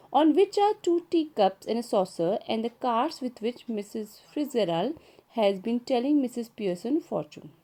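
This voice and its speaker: A woman's voice: medium pitch, mellow. A woman teacher, reading a play to her class and rephrasing each line in simple words.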